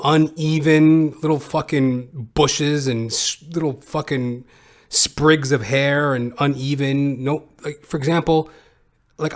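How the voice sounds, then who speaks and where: A young man hosting a podcast, telling a rambling, profane comic story in a casual monologue full of fillers. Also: mid-range voice. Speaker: podcast host. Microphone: podcast microphone.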